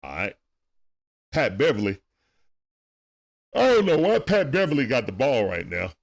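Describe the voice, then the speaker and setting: A man's voice: medium pitch, wildly swooping pitch, unhurried, creaky. A man with speech doing loose, chatty play-by-play on a livestream, talking back to players and viewers. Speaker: livestream game commentator. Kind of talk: casual play-by-play commentary.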